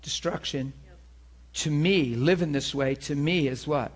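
A man preaching a sermon to a class. His voice is husky and sits a little high for a man. He talks in an animated, conversational way, the way a teacher speaks straight to his students. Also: measured pace.

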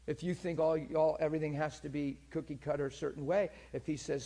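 A man's voice: fairly high pitch, level tone, quick pace, creaky, hardly any pauses, dark tone. A man preaching, telling a story in an earnest, conversational way and speaking straight to his listeners. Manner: earnest, conversational, direct address. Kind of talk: sermon storytelling.

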